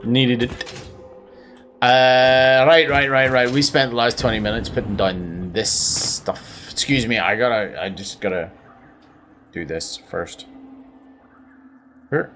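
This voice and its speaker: Playing a video game, a Belfast-accented man delivers meandering, self-deprecating commentary with occasional bursts of silly noises. He's medium-pitched and steady, somewhat bright, speaking slowly with frequent pauses, and there's slight background noise.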